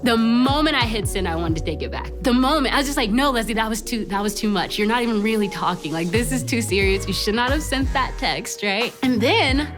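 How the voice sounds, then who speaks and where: A young woman giving a casual youth talk, telling animated stories, laughing often and peppering her speech with "like" and "right?". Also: fairly high pitch, fairly quick, hardly any pauses, over music. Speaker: youth ministry speaker.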